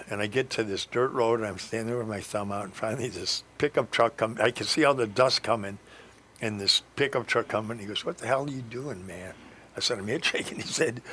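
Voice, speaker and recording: A man's voice: lowish voice, a bit bright. A middle-aged man telling a long road-trip story as a radio guest, meandering with frequent fillers and restarts. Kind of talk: rambling storytelling.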